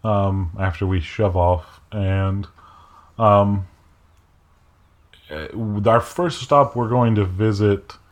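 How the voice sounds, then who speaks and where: Low-voiced man as a laid-back game master, lots of fillers. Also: slow pace, long pauses. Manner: relaxed, hesitant with many fillers. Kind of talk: narrating a tabletop game.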